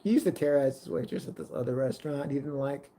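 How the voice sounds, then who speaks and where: A man with a fairly high, mid-range voice telling a story in a loose podcast chat. He is animated and profane, and he mimics the people in the story as he goes. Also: quick pace, gravelly, a little hiss or hum.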